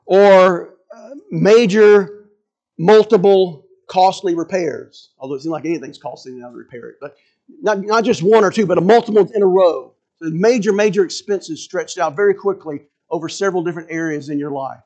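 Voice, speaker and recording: A man's voice: high voice, moderate pace, darkish tone, muffled recording. A man preaching a sermon in a conversational way, restarting phrases and asking rhetorical questions. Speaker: pastor.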